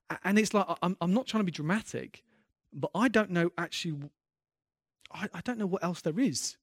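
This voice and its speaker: A man's voice: high-pitched, a little fast, breathy edge, dry recording, clean studio sound. A man preaching a sermon as a pastor, earnest and impassioned, often restarting his sentences and building in intensity.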